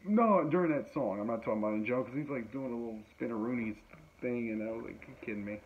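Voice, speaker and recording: This man speaks at a quick pace in a mid-range voice. He's a musician and podcast host having a rambling, casual chat at home, sprinkled with fillers and laughs, captured in dull lo-fi sound with faint noise.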